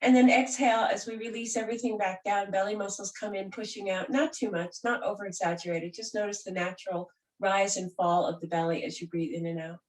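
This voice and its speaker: A woman teaching a gentle yoga and breathing class, guiding calmly and softly. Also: mid-range voice, brisk, hardly any pauses. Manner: calm, gentle, soothing guidance. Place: room where she does yoga on a mat. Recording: roomy sound from a distant mic.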